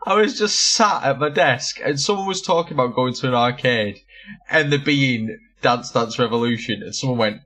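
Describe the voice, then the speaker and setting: A young man chatting on a podcast, spinning funny stories and cursing freely. His voice is bright and forward, and he laughs through his tales with middling pitch. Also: moderate pace. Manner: swearing, laughing storyteller. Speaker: podcast co-host. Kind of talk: casual chat.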